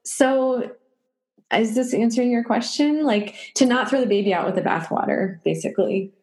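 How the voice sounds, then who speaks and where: A woman's voice: a little high, expressive, fairly quick, a little mellow. A woman in her thirties, a podcast guest speaking casually with lots of filler words and frequent laughter, recorded in a room at her home. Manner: rambling, filler-heavy, laughs often. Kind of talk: casual conversation. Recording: roomy echo.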